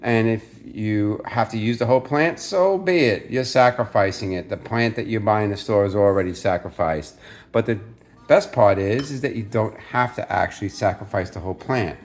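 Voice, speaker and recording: Chatty low-voiced man hosting cooking video. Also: moderate pace. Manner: chatty, jokey, playfully insistent on Italian pronunciations. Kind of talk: casual cooking demonstration.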